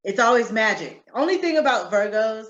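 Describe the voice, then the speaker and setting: A woman co-hosting a podcast, chatting in an animated, laughing way. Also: on the high side, fairly quick. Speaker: podcast co-host. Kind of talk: casual chat. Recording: echoey, dull lo-fi room sound.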